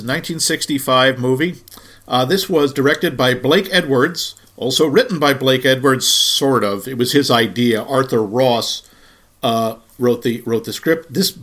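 A man's voice: medium pitch, a bit bright. A man co-hosting a movie podcast in casual, joking chat. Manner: playful, jokey. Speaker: podcast co-host.

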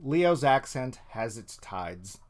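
A man's voice: mid-range voice, big pitch swings, slow. A man from the greater Boston area in a casual, wry conversation about a film, talking easily and laughing often. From greater Boston area, New England.

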